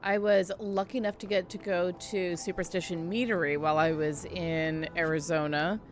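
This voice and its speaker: Chatty woman streamer, lower voice. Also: steady tone, normal speed, slight background noise. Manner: chatty, joking asides to viewers. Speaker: game streamer. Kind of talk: casual gameplay commentary.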